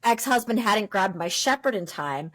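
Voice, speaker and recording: Lively middle-aged woman telling stories. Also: medium pitch, normal speed. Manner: lively storyteller who acts out quoted voices. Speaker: dog trainer guest. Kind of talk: casual podcast interview.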